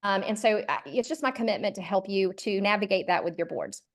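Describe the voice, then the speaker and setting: A woman's voice: mid-range voice, animated, a little fast. A middle-aged woman from Georgia with a Southern accent, leading a virtual workshop in a friendly way, with lots of ums and uhs. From Georgia, USA. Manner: friendly, many ums and uhs, says y'all. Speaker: charter school consultant leading a workshop.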